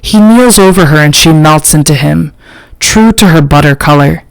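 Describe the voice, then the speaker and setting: A woman narrating an audiobook in a slow, measured, literary reading. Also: low voice, no room sound, poor audio. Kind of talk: scripted narration.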